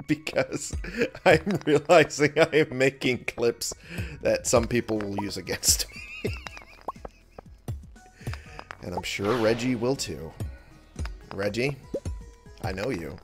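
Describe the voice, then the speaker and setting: A man's voice: mid-range voice, lively intonation, slow, pauses often. A man giving casual let's-play commentary, chatting to himself as he plays. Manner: chatty, talks to himself while playing. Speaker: gaming video host. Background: game music.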